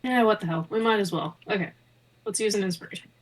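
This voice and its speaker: A woman's voice: medium pitch, fast talker, distant mic, poor audio. A woman playing in a tabletop game, weighing her options in a matter-of-fact way. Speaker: player. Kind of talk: casual tabletop play.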